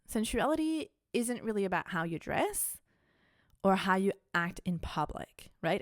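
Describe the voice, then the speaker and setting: A woman's voice: mid-range voice, no echo, studio quality. Candid, chatty woman podcast host. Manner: chatty and candid, swears freely, many "like" fillers. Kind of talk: casual confessional podcast talk.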